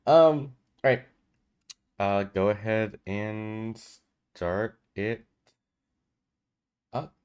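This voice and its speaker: Low-voiced man running a game stream. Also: extremely slow, long pauses, darkish tone, smooth. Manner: chatty, laughs easily. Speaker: game storyteller and stream host. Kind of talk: casual game-night chat.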